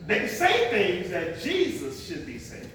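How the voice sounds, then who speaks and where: High-voiced preacher in an echoey sanctuary. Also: male voice, wildly swooping pitch, slow, a bit bright, a little hiss or hum. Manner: preaching with dramatic swings, acting out voices; repeats "watch this" as a refrain. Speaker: pastor. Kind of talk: sermon. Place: large church sanctuary. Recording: echoey hall, picked up from a distance.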